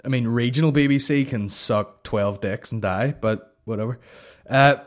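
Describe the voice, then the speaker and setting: Crude rambling podcast host. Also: male voice, medium pitch, normal speed. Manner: profane, rambling, sarcastic. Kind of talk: crude comedic podcast banter.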